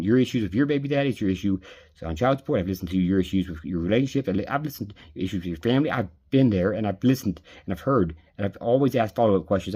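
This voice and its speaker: Bitter, husky-voiced man ranting. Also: fairly low pitch, dark tone. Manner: bitter, aggrieved, profane. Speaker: vlogger venting. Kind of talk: angry personal rant.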